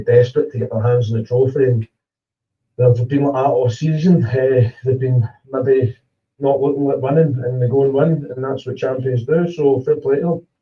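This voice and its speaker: A Scottish man, a football manager, reflecting in a measured way on a phone-in. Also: medium pitch. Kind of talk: phone-in interview. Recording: distant muffled call audio.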